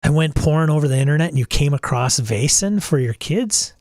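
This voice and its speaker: A man's voice: a little high, expressive, brisk, darkish tone, no room sound. Middle-aged male host, casual and blunt, exasperated rants, dry close sound. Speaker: podcast host. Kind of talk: casual livestream talk.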